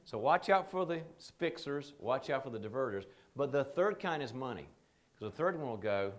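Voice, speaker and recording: A man leading a leadership training seminar, telling animated stories and acting out the people he quotes. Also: medium pitch, normal speed. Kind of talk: seminar talk.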